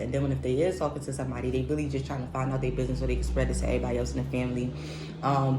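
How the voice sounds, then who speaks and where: Low-voiced brash woman venting. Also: warm tone. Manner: blunt, profane and brash. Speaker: podcast host. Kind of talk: unscripted venting monologue. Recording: roomy echo, faint background noise.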